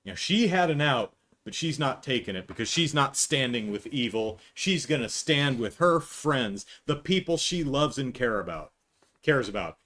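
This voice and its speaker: With a mid-range, slightly bright voice at normal speed, a middle-aged podcast host expressively picks apart a film. His casual review is sarcastic and exasperated, and he mockingly acts out quotes.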